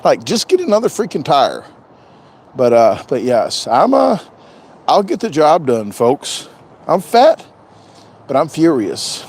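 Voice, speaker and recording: A man's voice: a little high, huge pitch swings, slow pace, pauses often, a little mellow, slight background noise. A man chatting casually on a live stream, rambling and joking, often repeating himself. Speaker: vlogger doing a live stream.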